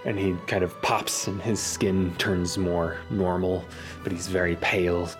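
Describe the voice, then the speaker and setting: A man narrating as a tabletop game master in an easygoing, unhurried way, with casual fillers. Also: deep voice, level tone, music in the background.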